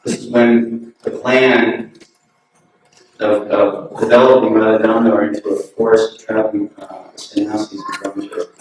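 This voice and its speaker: A man giving an anecdotal remembrance at a memorial gathering, telling relaxed stories and chuckling often. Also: on the low side, normal speed. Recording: very echoey hall, distant mic, noisy.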